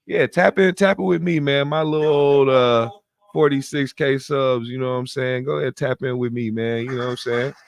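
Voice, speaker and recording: A man co-hosting a podcast in casual chat, joking and profane in quick banter on a close studio mic. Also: mid-range voice, fairly even intonation, gravelly, no room sound. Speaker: podcast co-host.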